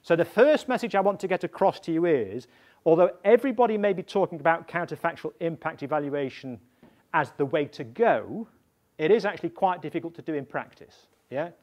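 A man, an evaluation expert, explaining methods to practitioners in a deliberate, emphatic way, often checking in with his listeners. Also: a little high, lively intonation, a little mellow. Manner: emphatic, repeats points and checks in with "yeah?".

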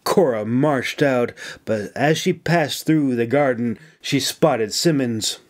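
A man narrating an audiobook in a measured, unhurried way. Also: mid-range voice. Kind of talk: scripted narration.

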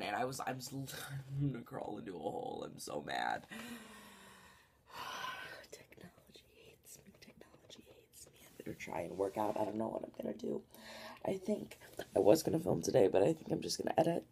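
Give me a chatty vlogger at home with a lively, swooping voice who rambles and slips into whispers. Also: medium pitch. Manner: rambling, giggly, often drops to a whisper. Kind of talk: casual chatty vlog.

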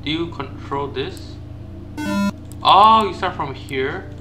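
A man doing gameplay commentary, panicky and self-mocking, repeating words in nervous bursts and shrieking high when caught. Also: lively intonation, slow pace, over music. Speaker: gaming YouTuber.

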